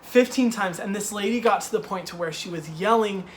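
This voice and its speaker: A young man hosting a casual chat, retelling a customer story in an animated, exasperated way with lots of "like". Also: high-pitched, fairly quick, over a noisy crowd. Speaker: host.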